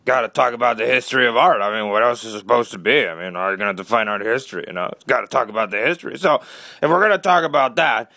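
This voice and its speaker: A man's voice: medium pitch, fast, creaky, bright, forceful tone, no echo. A young man delivering a rambling, mock-serious comic rant about art history, full of fillers. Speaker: satirical ranter.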